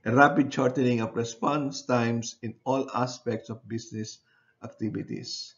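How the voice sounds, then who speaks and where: A man giving a university lecture. He speaks haltingly, often repeats phrases and checks in with his class using "okay". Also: mid-range voice, steady tone, lo-fi sound.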